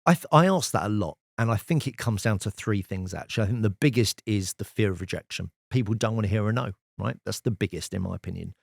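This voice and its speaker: A man in an interview, spinning animated sales stories with punchy timing. His voice sits a little low, recorded close and dry with no room sound. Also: fast, gravelly, few pauses, no room sound. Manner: lively storyteller, animated anecdotes. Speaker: sales expert guest. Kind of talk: casual storytelling interview.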